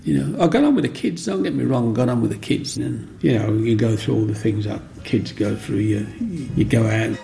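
An older man, telling stories from his life in an interview with lively energy. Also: mid-range voice, a little fast, vocal fry, hardly any pauses, faint music behind. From Black Country, England. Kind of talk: animated personal storytelling.

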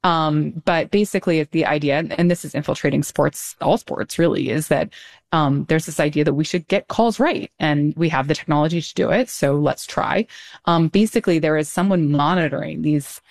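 A woman's voice: sits low, moderate pace, gravelly. A woman talking as a guest in casual conversation, explaining things thoughtfully with many ums and light laughter. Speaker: guest commentator.

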